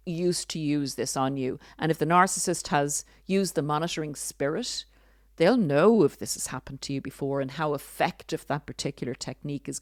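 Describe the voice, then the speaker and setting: Deep-voiced woman podcast host, earnest and deliberate, bit sarcastic, dry close sound. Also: dry recording. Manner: deliberate, explanatory, occasionally sarcastic. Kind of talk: earnest spoken commentary.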